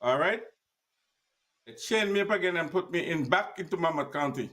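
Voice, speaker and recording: A man with a fairly high voice tells his story emphatically, speaking plainly and acting out each exchange. His voice sounds set back from the microphone, a little distant. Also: expressive, normal speed, a bit bright, a little hiss or hum. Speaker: guest. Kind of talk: personal storytelling.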